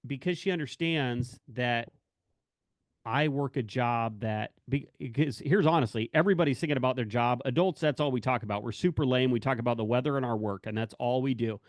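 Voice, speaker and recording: Talking fairly quickly in a medium-pitched voice, a man who works in corrections addresses staff, with studio-quality audio and no echo. He's frank about his job and family, wanders, corrects himself and voices bits of dialogue.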